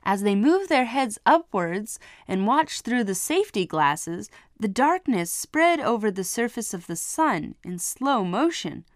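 Lively, slow-reading woman storyteller. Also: mid-range voice, no room sound, studio quality. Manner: expressive, voices the dialogue. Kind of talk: children's story reading with character voices.

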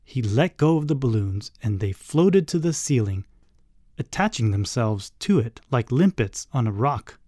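A man reading a children's story aloud, in a measured, expressive way. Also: medium pitch, dry recording, studio quality. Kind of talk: scripted narration of a children's story.

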